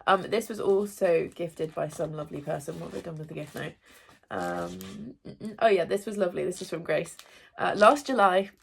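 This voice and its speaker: Vlogger, young woman, congested from illness; low gravelly voice, chatty and apologetic. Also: very animated, fairly quick. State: congested, ill. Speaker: booktuber, English teacher. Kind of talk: casual reading wrap-up vlog. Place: at home.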